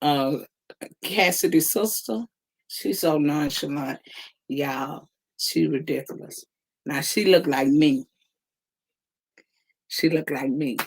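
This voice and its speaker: A young woman hosts a casual livestream, teasing her viewers with an unhurried, drawn-out delivery. She laughs often and stretches her exclamations. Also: sits low, breathy edge. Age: 20s. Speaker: livestream host.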